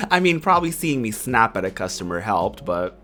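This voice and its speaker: A man in his twenties, a streamer, telling a story in casual chat, animated and full of fillers, laughing often. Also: medium pitch, measured pace, faint music behind. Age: 20s.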